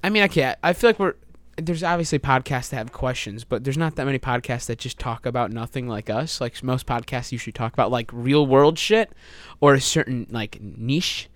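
A young man co-hosting a casual podcast, excitable and laughing, swearing freely and acting out quotes. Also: mid-range voice, brisk, no room sound. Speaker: podcast co-host.

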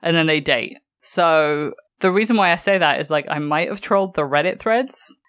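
Young English woman co-host; low, dry voice; lively, swears casually. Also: dry recording. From England. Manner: animated, swears freely, quick asides. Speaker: podcast co-host. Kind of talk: casual chat.

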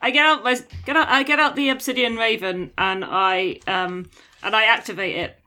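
A woman playing a tabletop game, describing her character's actions with quick, stumbling restarts. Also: on the high side, fairly even intonation, bright, forceful tone. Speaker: player. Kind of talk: casual tabletop play.

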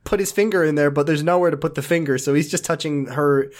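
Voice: mid-range voice, quick pace. A podcast co-host recapping a TV episode in casual chat, laughing often, swearing freely and breaking into voices for the characters.

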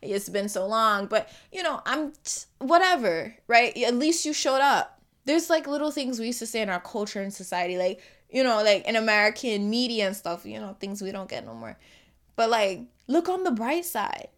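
A woman with a Caribbean accent hosting a solo podcast, talking through her thoughts in a loose, conversational way with many fillers and restarts, moving between quiet musing and lively emphasis. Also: mid-range voice, normal speed. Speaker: podcast host. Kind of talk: reflective solo podcast monologue.

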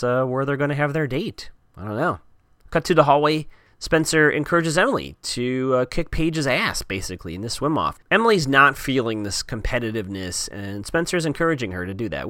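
Wry man recapping a show, bright. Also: mid-range voice, dry recording, clean studio sound. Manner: chatty and wry, with sarcastic asides. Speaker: TV episode recapper. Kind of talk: casual episode recap.

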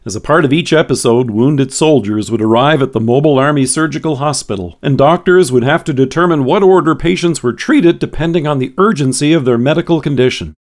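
A man delivering a scripted devotional sermon in a measured, earnest reading voice. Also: mid-range voice, a little mellow. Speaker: devotional speaker.

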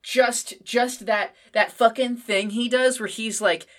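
A woman's voice: medium pitch, measured pace, few pauses, a bit bright. A woman co-hosting a casual podcast, gushing with enthusiasm and swearing freely. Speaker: podcast co-host. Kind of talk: casual comic-book podcast chat.

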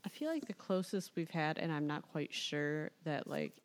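Brief: female podcast host, low voice with vocal fry, frank and casual. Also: expressive, normal speed.

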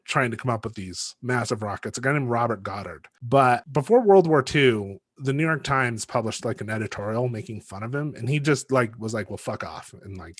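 A man co-hosting a podcast, explaining history in casual chat, full of likes and ums and trailing off softly. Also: medium pitch, brisk, hardly any pauses, slightly rough, no room sound, studio quality. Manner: chatty, lots of likes and ums, trailing off quietly. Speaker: podcast co-host.

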